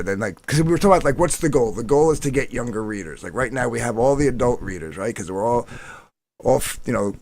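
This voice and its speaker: A man's voice: big pitch swings, a little fast, no room sound. Guy rambling thru a story, swears a lot, drops his voice for quotes. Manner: rambling, profane, quotes others in lowered voices. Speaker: guest telling a story. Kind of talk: casual storytelling on a stream.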